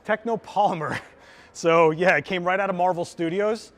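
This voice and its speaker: A male photographer leads a live hands-on demonstration. His voice sits a touch higher than most men's, and he explains things in an easygoing, excited way, talking his audience through each step like a friendly teacher. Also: quick pace. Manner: casual, enthusiastic, chatty teacher. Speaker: photographer giving a gear demo. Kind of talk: live instructional demo. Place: trade show floor.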